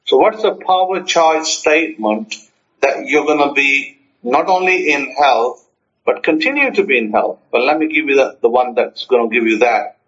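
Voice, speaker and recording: A man's voice: mid-range voice, animated, normal speed, fairly bright tone, highs cut off. A man teaching, who acts out short dialogues and repeats his points for emphasis. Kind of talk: spoken self-help teaching.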